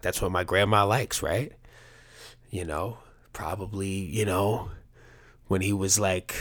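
A man's voice: low voice, fairly bright tone. A middle-aged man, a coach, talking candidly to his viewers in a rambling, profane, joking way. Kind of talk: casual monologue to viewers.

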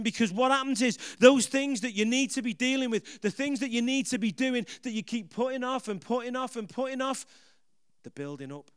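A man's voice: very high voice, dry recording, studio quality. A man preaching a sermon to a congregation, emphatic, repeating phrases and putting questions to the audience.

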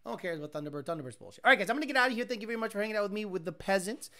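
A man hosting a casual livestream chat, rambling and swearing, breaking into loud mimicked sounds. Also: high-pitched, lively intonation, racing. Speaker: livestream host.

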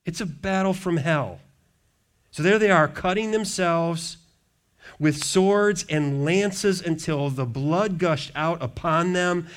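A man preaching a sermon, reading scripture aloud and breaking off into joking asides, swinging from hushed to loud. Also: a little high, slow pace. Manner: reads scripture then riffs with humor and asides. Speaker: pastor.

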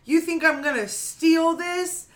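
A woman voicing a furious, entitled elderly woman customer, shrill and raging as she retells a story. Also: slow, a bit bright, full character voice.

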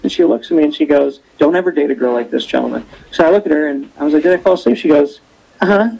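Lively young man hosting a chat. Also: a little high, fast, vocal fry, breathy edge, poor audio. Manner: lively storyteller, animated quoting. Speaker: show host. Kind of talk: casual interview chat. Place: cold rink-side spot, outdoors or arena.

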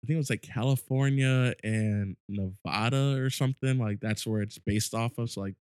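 A man co-hosting a podcast in casual chat, telling stories in animated, excited bursts. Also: mid-range voice, moderate pace, smooth, dry recording, clean studio sound. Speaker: podcast co-host.

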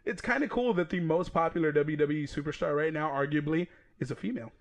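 A man in his thirties hosting a podcast, casual and profane, excitable and quick to laugh. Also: fairly high pitch. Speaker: podcast host.

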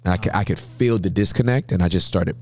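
A man in his forties from Southern California, a pastor telling stories as a guest in an interview, with a humorous, lively manner. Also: low voice, fast talker, no echo. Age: 40s. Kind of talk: interview storytelling.

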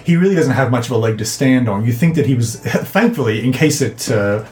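A man's voice: medium pitch, lively intonation, fairly quick, a little mellow. Gm guy narrating a tabletop game, chatty, echoey room. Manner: chatty, with restarts. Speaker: game master. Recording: roomy echo.

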